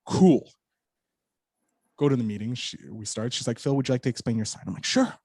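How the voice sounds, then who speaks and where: A man on a podcast as a guest, telling a story in an animated, casual way and swearing freely. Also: mid-range voice, a little fast, no echo, studio quality.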